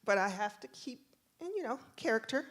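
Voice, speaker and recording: A woman performing a true story on stage, animated and laughing as she acts out the voices. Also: fairly high pitch, a little fast. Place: stage at a live venue.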